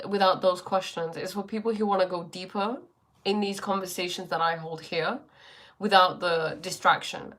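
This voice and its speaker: A woman's voice: medium pitch, fairly bright tone. Woman musing on a spiritual livestream. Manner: reflective, questioning, spiritual talk. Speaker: livestream host and life coach. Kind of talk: casual livestream chat reading viewer comments.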